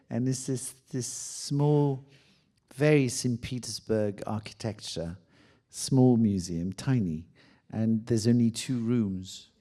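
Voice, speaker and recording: A man's voice: medium pitch, slow. A middle-aged man with a French accent, telling a personal story in a casual conversation and acting out the lines of the people in it. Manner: animated anecdote telling with acted-out quotes. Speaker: guest.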